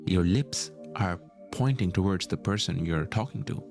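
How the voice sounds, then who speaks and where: A man's voice: deep voice, normal speed. A man asking mock-puzzled rhetorical questions in a comedic clip. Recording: clear background music.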